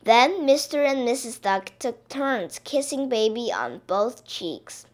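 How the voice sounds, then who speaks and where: Slow, expressive woman reading a storybook. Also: on the high side. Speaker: picture-book reader.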